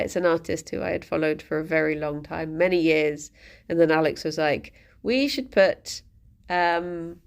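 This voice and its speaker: A woman's voice: medium pitch, gravelly. A woman streaming from home, chatting in a rambling, easygoing way and often breaking into laughter. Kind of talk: casual chat to a live stream.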